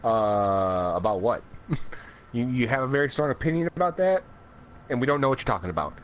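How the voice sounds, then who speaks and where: A man co-hosting a casual pop-culture podcast, joking around and quick to laugh. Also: medium pitch, expressive, a little hiss or hum. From North America. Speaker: podcast co-host.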